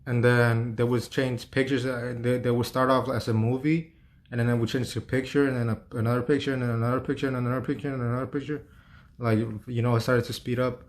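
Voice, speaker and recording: A man talking through a personal story in a casual, meandering way. His voice stays flat, with little rise and fall. He leans on fillers, restarts himself often and swears freely. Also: mid-range voice, quick pace. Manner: rambling, filler-heavy, frequent restarts and swearing.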